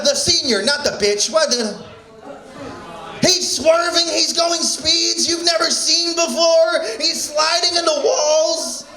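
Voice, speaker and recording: A young man doing stand-up at a small open mic, loud and shouting his punchlines. His voice sits very high and sounds bright and sharp. The room around him is echoey. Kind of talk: stand-up set.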